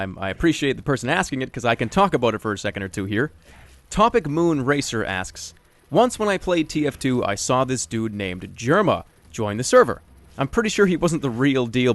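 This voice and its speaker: A man answering viewer questions in a casual voice-over, joking and self-deprecating, talking in a lively, animated way. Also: medium pitch, no room sound.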